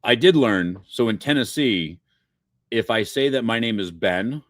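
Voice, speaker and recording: A man's voice: medium pitch, lively intonation, normal speed, no echo, studio quality. A man who is a guest on a podcast, talking in a friendly, motivational way. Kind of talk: casual interview talk.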